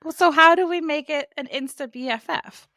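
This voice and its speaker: A woman's voice: high voice, normal speed, pushed and bright, no room sound, studio quality. A woman guest on a podcast, chatting in an upbeat, candid way. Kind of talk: casual podcast chat.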